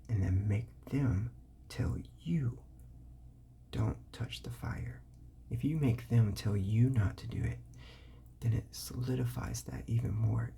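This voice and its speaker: A host giving parenting advice in a whispered ASMR talk, sounding out words slowly and softly, with casual fillers and self-corrections. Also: mid-range voice, gravelly.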